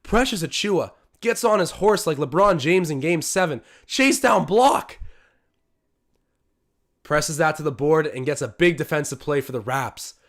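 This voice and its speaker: A young man hosting a live-stream watch-along, commenting casually on the game, reading the chat aloud and breaking into loud cheers. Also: on the high side, moderate pace, hardly any pauses. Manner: excitable, talks to chat, bursts of loud cheering.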